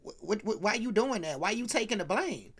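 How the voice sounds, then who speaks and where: A woman voicing a heartbroken, guilty teenage boy who talks low and quietly. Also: sing-song, fairly quick, breathy edge. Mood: pleading.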